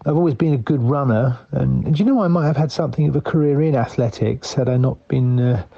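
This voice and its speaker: A man leaving a rambling, hesitant comic voice message, whispering quietly as he talks. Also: medium pitch, fast, vocal fry, muffled recording. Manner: hesitant and rambling, with many restarts. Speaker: comedy podcast co-host. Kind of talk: improvised comic voice-message monologue.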